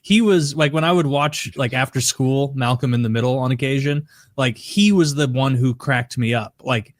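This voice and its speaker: A man's voice: mid-range voice, normal speed, no echo, studio quality. A man co-hosting a podcast in a loose, laid-back casual chat. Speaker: podcast co-host.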